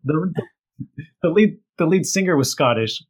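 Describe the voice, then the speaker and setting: Male guest, husky, chatty storyteller with lots of fillers. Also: on the high side, expressive, moderate pace. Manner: storytelling, laughs often, many fillers. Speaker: author and guest. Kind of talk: casual chat.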